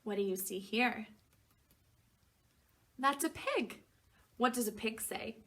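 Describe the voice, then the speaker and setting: A woman preschool teacher reads a picture book aloud to young children, speaking slowly at a medium pitch and pausing often. She asks gentle questions, waits for their answers, and acts out animal noises in a raised voice.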